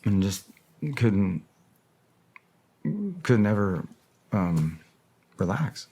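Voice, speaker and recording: A middle-aged man as an interview guest, talking candidly and reflectively, often pausing to search for words. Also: sits low, warm tone, breathy edge. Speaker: interview guest, former special operator. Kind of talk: candid long-form interview talk.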